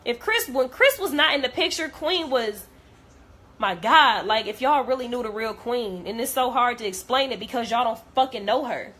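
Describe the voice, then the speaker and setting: A woman's voice: fairly high pitch, animated, normal speed, a bit bright. A young woman, talking straight to camera in an emotional rant, blunt and cursing heavily. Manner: blunt, heavy cursing, hurt and heated. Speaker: vlogger.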